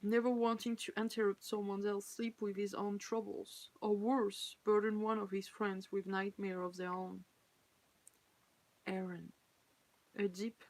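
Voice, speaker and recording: A woman with a French accent reads fan fiction aloud on a live stream, at a middle pitch. She breaks off now and then to chat with viewers and laugh at her own slips. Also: a little mellow, rough recording.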